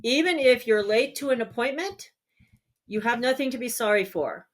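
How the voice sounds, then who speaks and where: A woman hosting a spiritual healing channel, talking earnestly and encouragingly straight to her viewers, sometimes pausing to search for a word. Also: fairly high pitch, lively intonation. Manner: searches for words aloud with fillers. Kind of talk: casual self-help talk.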